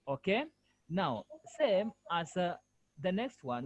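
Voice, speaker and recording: Man, language lecturer, video call, animated, repeats words, corrects firmly. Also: high voice, unhurried, breathy edge. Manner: repetitive, firm corrections. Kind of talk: online language lesson.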